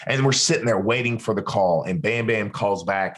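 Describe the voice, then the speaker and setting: A podcast guest, a man, tells a long story in an animated way. He acts out other people's lines in different voices and often restarts his sentences. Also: lowish voice, normal speed, few pauses. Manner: rambling, with frequent restarts.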